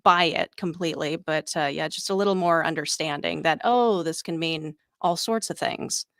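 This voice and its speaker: A woman's voice: low-pitched, normal speed, creaky, fairly bright tone, no echo, clean studio sound. A woman co-hosting a podcast in casual chat, thoughtful and agreeable. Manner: thoughtful, agreeable, often laughing along. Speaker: podcast co-host.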